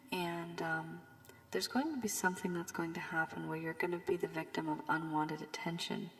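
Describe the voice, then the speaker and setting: A woman with a low, gravelly voice talks through a tarot reading, still hoarse from a cold and now and then sinking to a whisper. She rambles with frequent fillers as she warns and advises. A long reverb trails behind her words. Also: a little hiss or hum. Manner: loose and rambling with many fillers, warning and advising. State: recovering from a cold, voice strained. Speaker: tarot reader. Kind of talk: casual tarot reading monologue.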